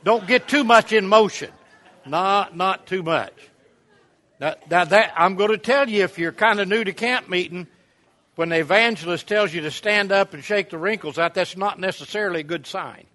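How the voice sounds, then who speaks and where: A man's voice: sits high, normal speed, bright, forceful tone. A man, preaching at a camp meeting and telling a folksy, rambling story with many fillers. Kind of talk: sermon storytelling.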